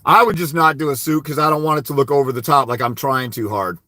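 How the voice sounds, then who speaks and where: A man's voice: medium pitch, fast talker, bright, forceful tone, no echo. A blunt, profane man giving casual legal advice to fathers on a livestream, telling stories with quoted dialogue. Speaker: host of a fathers' rights livestream.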